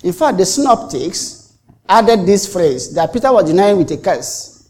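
A very animated pastor preaches at a measured pace, his mid-range voice carrying a darkish tone. With dramatic flair, he repeats and restarts phrases for emphasis and acts out the exchanges he describes.

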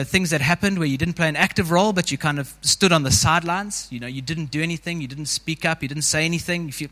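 This preacher's sermon is easygoing and conversational, voiced a touch high with a striking brightness. He talks informally to the congregation, repeatedly reaching for "you know," while the big room adds a lengthy echo.

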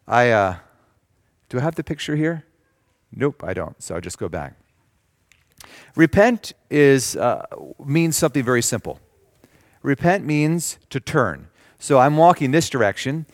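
Man preaching a plain, deliberate sermon. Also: mid-range voice, no room sound, studio quality. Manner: reads scripture slowly and emphatically, explains plainly. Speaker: pastor.

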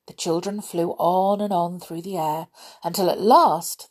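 A woman narrating a children's storybook in an expressive, animated way. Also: on the low side, a little slow, slightly rough.

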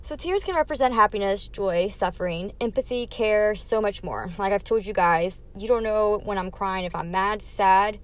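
A woman's voice: mid-range voice, moderate pace, hardly any pauses. A young adult woman hosting her own podcast, talking candidly through a numbered list of life lessons in a casual, emphatic way. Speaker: podcast host.

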